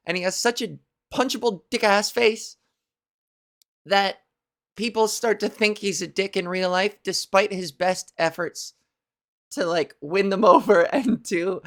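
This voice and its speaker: A woman comedian hosting her own podcast, rambling through a profane comic monologue. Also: mid-range voice.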